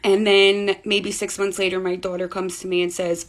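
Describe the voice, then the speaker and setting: A woman in her thirties telling a spooky family story in a casual, animated way, talking into a phone. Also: medium pitch, moderate pace, few pauses. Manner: chatty, animated, acts out voices in quotes.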